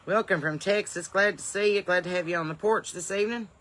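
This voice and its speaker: Bright, chatty woman hosting a live stream. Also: mid-range voice, quick pace. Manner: folksy, upbeat, bursts of loud welcomes between rambling asides. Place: home porch in the evening.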